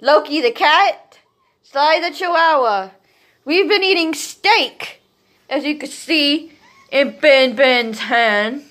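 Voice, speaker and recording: A woman's voice: sits high, takes it slowly, a bit bright. A woman casually narrating a home video of her pets from behind the phone camera, cheerful and chatty.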